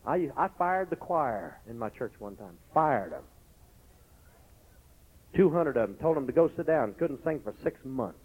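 A man preaching a lively sermon as pastor, breaking into shouted exclamations between stories and scripture reading. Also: medium pitch, measured pace, breathy edge. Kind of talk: Pentecostal-style sermon. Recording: lo-fi recording.

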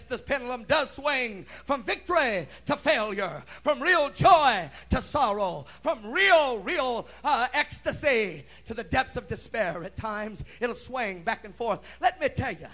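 Middle-aged preacher guy, really high voice, fervent folksy sermon, keeps saying praise god. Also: poor audio. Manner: impassioned preaching, swinging loud and soft. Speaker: pastor.

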